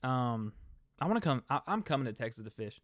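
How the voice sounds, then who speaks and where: A man's voice: medium pitch, big pitch swings, fairly quick, no room sound, clean studio sound. A young man hosting a casual livestream, chatting and rambling to his viewers. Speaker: host.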